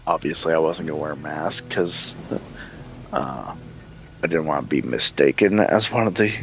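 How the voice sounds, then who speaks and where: A man's voice: very deep voice, moderate pace, creaky, a little hiss or hum, low-quality recording. A man telling a story in casual, profane chat, laughing often and acting out what people said. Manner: profane, laughs often, acts out quoted dialogue. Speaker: gaming channel host.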